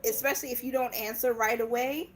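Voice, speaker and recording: A woman's voice: fairly high pitch, fairly even intonation, fast. A young woman from Indiana chatting casually on a livestream, laughing often and breaking off to talk to her kids. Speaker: personal finance channel host.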